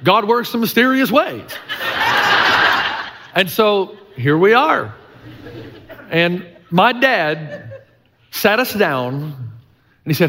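A man's voice: on the high side, big pitch swings, normal speed, fairly bright tone, breathy edge. A middle-aged male pastor preaching a sermon, earnest and emphatic, with folksy humor and repeated key lines. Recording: long church-hall reverb.

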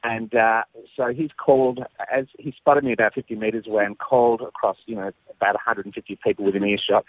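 A male caller telling a funny story about his young son and squealing his son's words in a high voice. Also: steady tone, a little fast, no room sound. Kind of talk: phone-in anecdote. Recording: muffled phone line.

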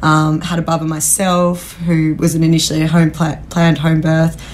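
A young Australian woman with a husky voice, a midwife guest explaining things in a bubbly, quick way. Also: low voice, completely flat delivery, slight background noise. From Western Australia. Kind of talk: casual podcast interview.

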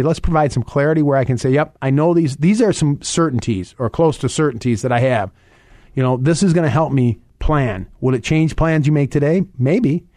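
Fast-talking man hosting a money show. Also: mid-range voice, a little mellow, dry recording, clean studio sound. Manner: fast-talking, rambling with restarts and fillers. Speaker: radio show host and investment advisor. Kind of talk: financial advice radio talk.

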